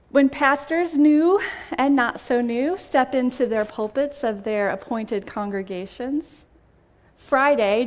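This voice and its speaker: A woman pastor preaching a heartfelt sermon and reading scripture in a church. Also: high voice. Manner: heartfelt, tearful gratitude, measured scripture reading. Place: church sanctuary.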